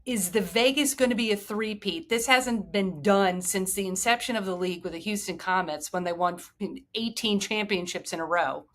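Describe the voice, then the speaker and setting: A middle-aged woman hosting a solo sports podcast, talking with excitement and drifting into emotional tangents. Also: mid-range voice, moderate pace, few pauses. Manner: enthusiastic, digressive, emotional. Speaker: podcast host.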